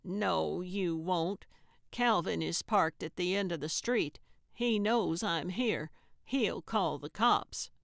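A woman's voice: lowish voice, slow, vocal fry, a bit bright, no echo, studio quality, full character voice. A woman voicing a blunt, stubborn old New England woman sleuth in an audiobook. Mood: blunt defiance. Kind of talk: audiobook character voice.

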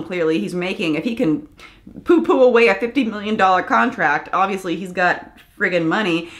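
Angry, exasperated woman vlogger. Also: medium pitch. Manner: angry, exasperated, swears a lot. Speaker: commentary vlogger. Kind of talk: ranting video commentary.

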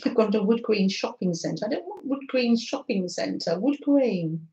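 A woman's voice: medium pitch, animated, a little slow, vocal fry, warm tone. A woman with a North London accent chatting casually with her live-stream viewers, giggling often and reading out their comments. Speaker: craft live-stream host. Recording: echoey room, slightly dull sound.

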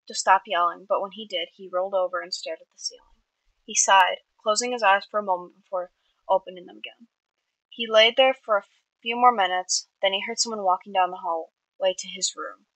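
A woman's voice: medium pitch, pushed and bright, no room sound, low-quality recording. A woman reading her own story aloud, with small slips and self-corrections. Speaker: amateur writer.

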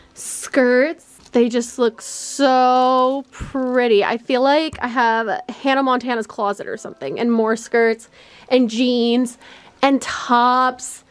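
A woman vlogger giving an excitable, chatty tour of her own home. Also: fairly high pitch. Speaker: lifestyle vlogger. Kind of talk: casual home tour vlog.

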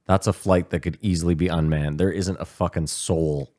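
A man's voice: deep voice, steady tone, normal speed, warm tone. A man in comedic podcast banter, talking crudely and restarting his sentences to hold the floor.

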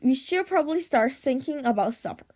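Mild castaway husband, patient and a bit hurt, high voice, read by a woman. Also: lively intonation, fairly quick, a little mellow. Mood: mild, plaintive.

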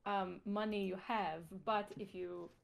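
A woman voicing an earnest furry adventurer who speaks halting, broken English in a tabletop role-play. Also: medium pitch, fairly even intonation, vocal fry.

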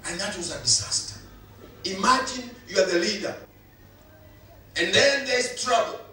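A man's voice: high voice, expressive, normal speed, sharp tone, soft background music. A male pastor, preaching a sermon with emphatic repetition. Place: church hall. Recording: echoey hall, voice from far off.

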